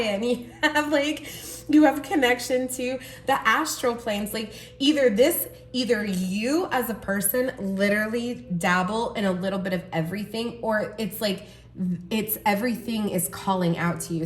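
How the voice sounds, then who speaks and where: A woman giving a pick-a-card tarot reading, excitable and gushing, full of gasps and fillers. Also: a little high, roomy sound. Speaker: tarot reader.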